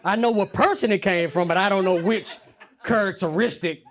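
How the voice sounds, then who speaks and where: A man's voice: high-pitched, normal speed. A man doing stand-up storytelling on a comedy stage, acting out quotes in a raised voice. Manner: animated, acts out quotes in raised voice.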